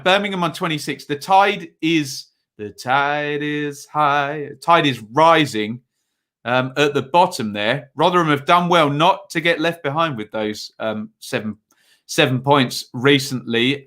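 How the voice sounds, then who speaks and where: A man with a bright, forceful voice hosts a relaxed football preview stream. He talks in a loose, chatty way, often pausing on filler words while reading out viewer comments. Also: a little high. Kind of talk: casual livestream chat.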